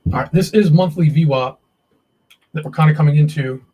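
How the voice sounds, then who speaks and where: A man hosting a live day-trading stream, muttering and cursing as he works the charts. His voice sits a little high and has a husky edge. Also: fairly quick, dark tone, rough recording. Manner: frustrated, swearing, talking to himself while trading.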